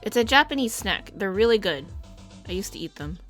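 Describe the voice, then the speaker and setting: A woman's voice: medium pitch, sing-song, a little fast, fairly bright tone, soft background music. A young woman streaming a game, chatting casually and animatedly, swearing now and then.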